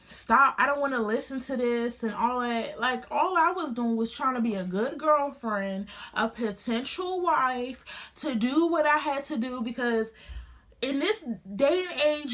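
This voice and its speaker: A young woman speaks to her phone camera at home, slightly high-pitched, recounting a painful story in an earnest, emotional way. She talks casually, with many restarts. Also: a bit bright. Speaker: beauty vlogger. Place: home studio.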